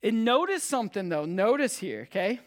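A pastor preaching a sermon to a live congregation, emphatic and repetitive, swinging between loud cries and hushed low tones. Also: very animated, moderate pace. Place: church service with a live congregation.

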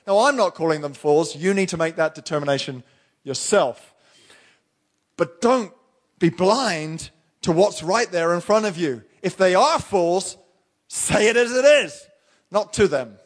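A male pastor with a high voice delivers a sermon from the pulpit. He talks straight at his congregation, pressing his points with emphatic, blunt rhetorical questions. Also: animated, slow pace.

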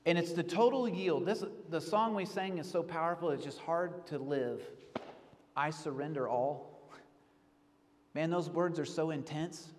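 A male pastor preaching an earnest sermon, rising to pleading and then dropping to hushed reflection. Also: a little high, normal speed, few pauses, big-room sound.

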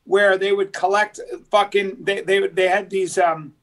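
Man, high voice, casual podcast chat, rambling storyteller, quotes people in character. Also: little pitch movement, measured pace, a bit bright. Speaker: podcast host.

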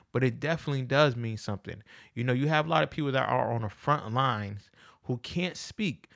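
A man's voice: medium pitch, brisk, creaky, fairly bright tone, dry recording, clean studio sound. A man hosting his own podcast, talking in an earnest, casual motivational monologue and repeating phrases for emphasis. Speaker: podcast host.

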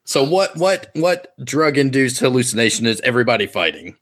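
A man's voice: mid-range voice, big pitch swings, a little fast, a bit bright. A man narrating a comedic tabletop game as game master, playful, briefly putting on voices for characters.

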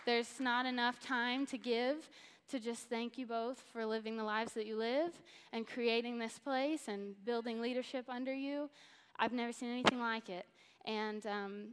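A woman's voice: on the high side, smooth. Upbeat woman speaker in a big hall. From Missouri, USA. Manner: enthusiastic, earnest and effusive. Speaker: church speaker. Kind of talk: sermon-style Bible teaching. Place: church auditorium. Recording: long church-hall reverb.

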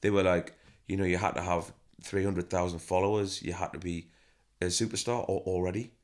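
A man's voice: sits low, a little fast. A man, a band member who also manages the band, telling stories casually in an interview and acting out what people said. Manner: chatty, animated storytelling with acted-out quotes.

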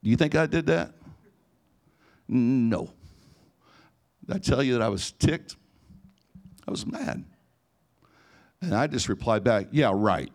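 A middle-aged man, a pastor, telling a personal story in an animated sermon before a live audience, sometimes rising to near-shouting. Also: medium pitch, measured pace, long pauses. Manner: animated, rising to near-shouting in emotional parts, frequent restarts. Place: church or conference hall before a live audience.

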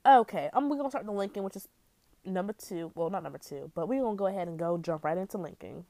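A woman's voice: on the low side, expressive, fast talker, dark tone, dry recording. A young woman vlogging about dating, talking bluntly and profanely in a rambling, casual way. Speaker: vlogger giving dating advice. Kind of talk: casual vlog monologue.

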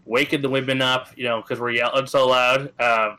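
A man in his thirties from Atlantic Canada co-hosts a casual gaming podcast. His voice has a bright, forward tone at a middle pitch. He talks in an easygoing way, with lots of fillers and restarts. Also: little pitch movement, normal speed, rough recording. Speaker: podcast co-host.

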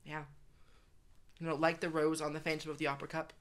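Guest, woman, playful teaser, lower pitch, casual chat. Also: little pitch movement. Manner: teasing, quick-witted. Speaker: podcast guest.

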